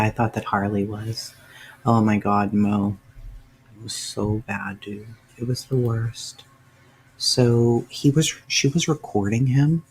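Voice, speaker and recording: A man's voice: on the low side, a little hiss or hum. A man hosting a casual livestream, answering viewers' chat by name and sounding emotional and sighing as he talks. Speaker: livestream host.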